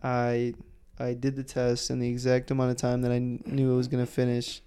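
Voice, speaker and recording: Man, podcast co-host, casual profane storytelling, mellow, smooth voice. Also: medium pitch, brisk. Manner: profane, animated storyteller who acts out quotes loudly.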